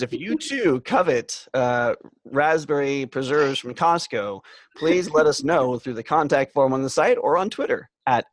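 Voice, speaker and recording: Male co-host, casual podcast banter, mid-pitched, meandering, close dry mic. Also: expressive, unhurried, no room sound. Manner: rambling, hesitant with many "um"s.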